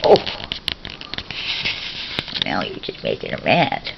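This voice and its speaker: A woman filming her pets at home and chatting to them in a teasing, sing-song way. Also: slow pace. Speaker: pet owner filming her birds. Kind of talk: casual talk to pets while filming. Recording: dull lo-fi home video with steady noise.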